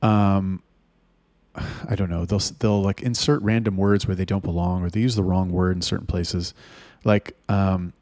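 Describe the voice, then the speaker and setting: A man's voice: deep voice, fairly even intonation, normal speed, a little mellow, dry recording. A man giving profane, exasperated advice in a blunt ranting monologue, swearing constantly. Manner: mocking put-on voices when quoting others. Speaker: agency owner giving chatter advice.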